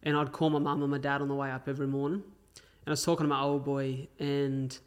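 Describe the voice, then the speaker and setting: A man's voice: medium pitch, flat delivery, fairly quick, smooth. An Australian man hosting a casual podcast, telling personal stories in an earnest, open way with some swearing. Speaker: podcast host. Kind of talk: casual chat.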